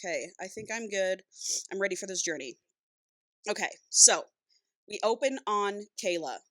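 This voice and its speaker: A young woman co-hosting a chatty podcast, gushing over a book she loves and laughing easily. Her pitch sits mid-range. The recording is close and dry. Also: dry recording. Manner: gushing, laughs often, fast and excitable. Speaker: podcast co-host. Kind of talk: casual chat, retelling a novel.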